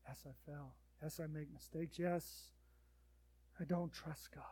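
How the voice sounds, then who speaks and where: A man preaching a sermon as pastor, swinging between loud urgent appeals and quiet pleading, then leading a prayer. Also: a little high, steady tone, measured pace, slightly rough.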